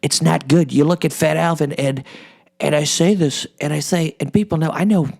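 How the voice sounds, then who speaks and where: A man's voice: a little high, steady tone, normal speed, creaky, darkish tone. A comedian impersonating a brash, boastful older male politician in a rambling comedic monologue.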